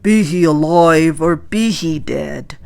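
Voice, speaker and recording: A huge hungry giant roars his lines slowly and loudly, as a woman reader puts him on. His voice booms with storybook menace. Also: vocal fry, exaggerated voice. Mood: menacing. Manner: booming, slow and loud. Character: huge scary hungry male giant, roaring.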